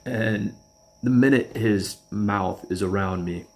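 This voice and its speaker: A man's voice: lowish voice, takes it slowly, darkish tone. A man casually telling a personal story, rambling and chuckling as he goes. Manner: rambling, chuckling, restarts often.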